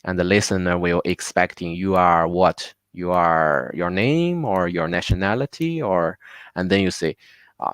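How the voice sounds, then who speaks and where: A man with a Chinese accent teaching a live online lesson, patiently repeating words slowly for his learners. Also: low-pitched, a bit bright, no echo, studio quality. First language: Mandarin Chinese.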